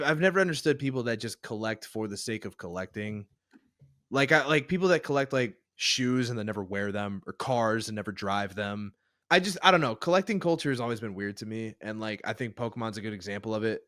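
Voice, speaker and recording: A man's voice: on the low side, pushed and bright, no echo. Young male podcast co-host, casual and rambling, dry close sound. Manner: rambling, hedging with "like" and "I don't know". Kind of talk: casual chat.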